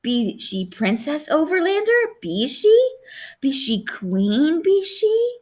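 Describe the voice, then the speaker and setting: A woman voicing a curious, eager giant cockroach leader that hisses slowly and jumbles its word order. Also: high voice, sing-song, darkish tone, pitched above the performer's own voice, full character voice. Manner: slow, hissing, words in odd order.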